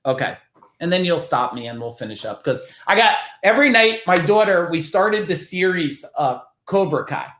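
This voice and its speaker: A man's voice: high-pitched, moderate pace, echoey room, a little hiss or hum. Blunt, profane New Jersey man. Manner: blunt and profane, animated storyteller. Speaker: guest, business founder. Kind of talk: casual podcast storytelling.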